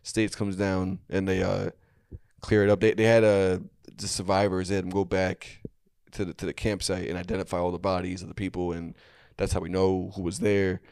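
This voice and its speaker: A man's voice: low voice, flat delivery, moderate pace, darkish tone, clean tone, no room sound, studio quality. A young man co-hosting a podcast, telling a story in a loose, rambling way with many restarts. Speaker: podcast co-host. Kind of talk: casual storytelling chat.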